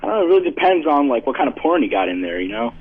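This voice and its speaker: A male caller on a radio show who talks slowly in a laid-back, slightly creepy way. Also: on the high side, very animated, slightly rough. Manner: slow, laid-back, a bit creepy-sounding. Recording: phone line.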